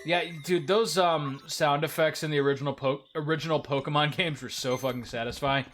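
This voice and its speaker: A man's voice: a little high, over music. A man co-hosting a let's-play, swearing freely, exclaiming at the game and joking with his co-host. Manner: profane, excitable, quick to exclaim and laugh. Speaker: co-host playing a video game. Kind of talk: casual gameplay chat.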